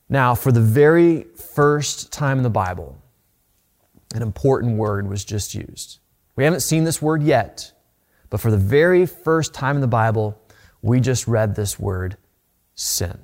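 A man's voice: mid-range voice, expressive, measured pace, darkish tone. A man preaching a sermon as a pastor, earnest and direct, often repeating words as he presses a point.

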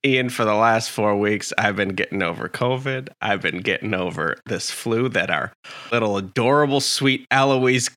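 Bright teasing man, dry close voice. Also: lowish voice, moderate pace, dry recording. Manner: teasing, mock-stern questions. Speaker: podcast host. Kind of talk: casual chat.

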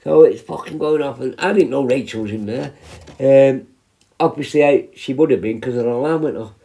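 This fifties-aged prison healthcare worker spins casual yarns at a normal pace in a warm, creaky mid-range voice. He rambles, curses freely and keeps starting his sentences over.

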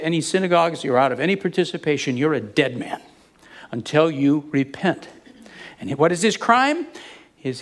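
A male preacher delivers his sermon with a lively, swooping delivery, pitched a little above the usual man. He retells the scripture like a story, slipping into the voices of the people he quotes. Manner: animated storytelling, acts out quoted speakers.

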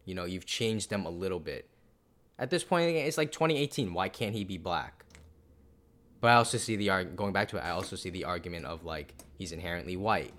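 A man co-hosting a podcast, rambling and animated in casual chat, swearing now and then. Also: low voice, a little fast. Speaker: podcast co-host.

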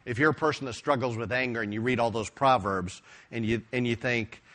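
Man preaching an expressive sermon. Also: mid-range voice, fairly quick. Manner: emphatic, expressive storytelling preaching. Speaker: pastor.

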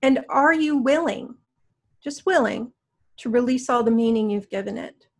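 A middle-aged woman guiding a healing session with slow, soothing, coaxing prompts. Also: a little high, vocal fry. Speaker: energy healer guiding a session.

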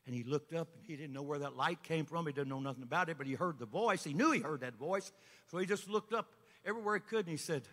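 A man preaching a sermon as an evangelist, folksy storytelling that builds up to shouting. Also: a little high, fast, in a large hall. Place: church sanctuary.

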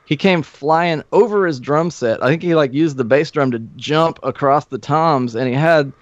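Heard through muffled, dull podcast sound with a dry quality, a musician from a band talks at normal speed in a fairly high male voice. His casual stories are profane and loose, and he voices the people he describes.

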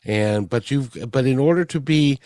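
A man's voice: mid-range voice, moderate pace, darkish tone, dry recording, studio quality. A man hosting an interview in casual chat, earnest and often repeating words as he starts a thought. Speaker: host.

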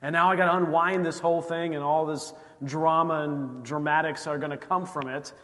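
A male pastor preaching a sermon, telling a story and acting out the dialogue with lively energy. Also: on the high side, moderate pace. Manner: animated storytelling, acts out dialogue. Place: church sanctuary. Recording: church hall reverb.

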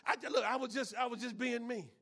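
A man preaching a sermon as pastor, repeating phrases and punctuating them with amens, swinging between hushed passages and loud ones. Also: extremely high pitch, fairly even intonation, brisk, vocal fry.

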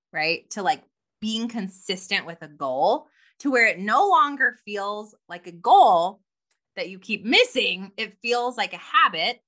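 Bright-voiced woman chatting animatedly. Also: medium pitch. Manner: animated, laughs a lot, uses filler "like". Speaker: podcast co-host. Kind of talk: casual chat.

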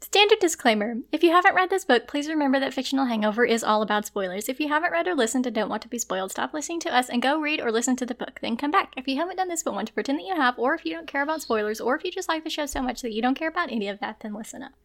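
Giggly, quick-talking woman podcast host. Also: high-pitched, lively intonation, fairly bright tone. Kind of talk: casual chat. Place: small room at home. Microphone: speaking close into the microphone.

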